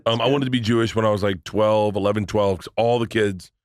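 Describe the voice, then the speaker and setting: Animated middle-aged man telling stories. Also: fairly low pitch, quick pace, no room sound, studio quality. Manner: animated storyteller who acts out quoted voices, swears freely. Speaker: podcast guest. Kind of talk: casual storytelling chat.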